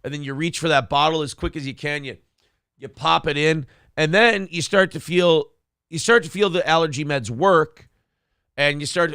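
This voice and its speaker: A man runs a casual live-stream morning show, joking and rambling as he reads viewer comments aloud. His voice sits a little high and comes through smooth and resonant. The sound is dry and close, with no room echo. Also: moderate pace, sharp tone. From Minnesota. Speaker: show host.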